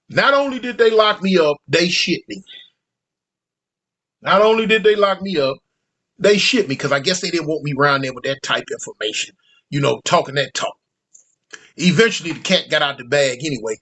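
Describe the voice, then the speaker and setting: Male storyteller, high-pitched, loose and slangy, acts out every quoted line. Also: sing-song, moderate pace, pushed and bright. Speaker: storyteller recounting prison life. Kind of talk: casual storytelling monologue.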